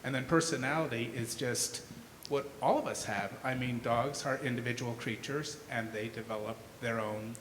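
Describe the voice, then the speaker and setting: A man in the audience answers a question in a thoughtful, careful way. His voice sits at a middle pitch. It is heard from a roomy hall with a long reverb and a faint hiss. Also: normal speed, fairly bright tone. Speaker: audience member.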